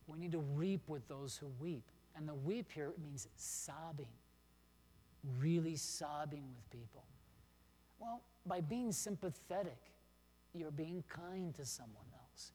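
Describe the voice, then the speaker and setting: A man's voice: fairly high pitch, measured pace, dark tone, slight background noise. A man preaching a sermon as pastor, earnest and encouraging, often asking his listeners questions. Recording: long hall reverb.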